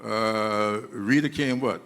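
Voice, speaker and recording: A man's voice: on the low side, takes it slowly, a bit bright, clean tone. A man giving an emphatic public speech to an audience, repeating key phrases for stress. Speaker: speaker addressing an audience. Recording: long reverb of a hall.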